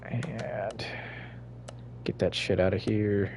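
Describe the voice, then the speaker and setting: A man giving casual, swear-filled commentary while he plays a game, talking to himself, laughing and breaking into sudden loud outbursts. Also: fairly low pitch, takes it slowly, vocal fry, a little hiss or hum. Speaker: gaming streamer.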